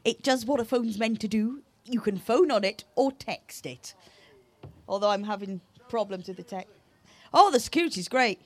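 A woman's voice: on the high side, expressive, normal speed, dry recording. A woman giving a casual phone review, blunt and self-mocking, with laughter.

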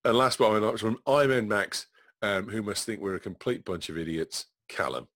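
A man's voice: lowish voice, animated, brisk, a bit bright, dry recording, clean studio sound. A man hosting a casual tech chat over a video call, swearing freely and rambling with fillers. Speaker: podcast host.

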